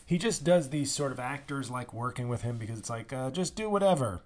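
A man's voice: mid-range voice, brisk. Sarcastic rambling man hosting a podcast. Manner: sarcastic, rambling, swears freely, mocks actors with put-on voices. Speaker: podcast host. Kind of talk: casual solo podcast monologue.

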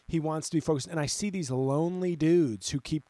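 Man, comedian host, animated rant, sarcastic, swears a lot, slightly high voice. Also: brisk, no echo. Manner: animated, ranting, swears freely; sarcastic, talks back to critics. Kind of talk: casual podcast monologue.

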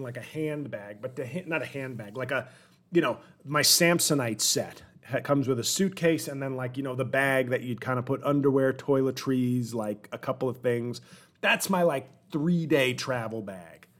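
A man in his forties hosting a comedic solo podcast, rambling and self-deprecating, with wry asides to his listeners. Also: a little high. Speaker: podcast host.

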